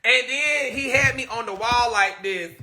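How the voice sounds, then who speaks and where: A man telling a story casually on a live stream, animated and laughing often as he talks to viewers. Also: extremely high pitch, measured pace.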